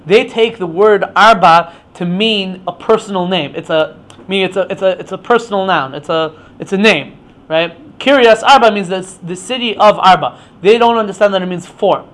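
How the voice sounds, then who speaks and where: A man's voice: high voice, normal speed, fairly bright tone. A man teaching an informal Torah class, explaining with many stammered restarts.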